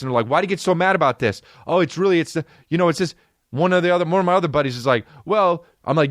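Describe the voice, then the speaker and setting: A man's voice: on the high side, racing, a bit bright, no room sound, clean studio sound. A man in his thirties hosting a comedy podcast, telling a profane story that builds into a ranting mock outrage. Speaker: podcast host.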